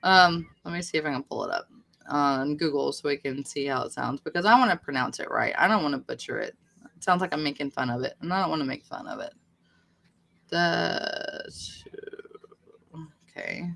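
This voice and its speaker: A woman's voice: sits low, expressive, fast talker, gravelly, fairly bright tone, a little hiss or hum. A woman chatting casually on a livestream, rambling and poking fun at herself. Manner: rambling, chatty, self-deprecating. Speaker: livestream host.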